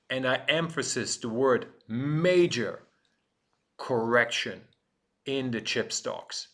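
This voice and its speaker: Guy hosting a trading show, pushy and emphatic, hypes every warning, mid-pitched voice. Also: animated, slow pace, bright, forceful tone. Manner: emphatic, urgent, dramatic build-ups. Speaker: show host and head of trading. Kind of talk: energetic market commentary.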